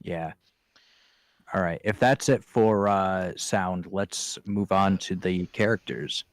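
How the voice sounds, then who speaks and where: A man hosting a casual podcast chat, halting and searching for his words. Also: low voice, steady tone.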